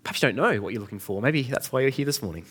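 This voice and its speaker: A man's voice: mid-range voice, animated, rapid-fire, a bit bright, slightly rough. A middle-aged man preaching an Easter sermon in a conversational way, asking the congregation questions. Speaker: pastor.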